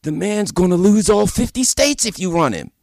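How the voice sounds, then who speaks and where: A man hosting a political commentary show, delivering an animated opinion monologue full of repeated points and rhetorical questions. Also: high voice, normal speed, gravelly, no echo, clean studio sound.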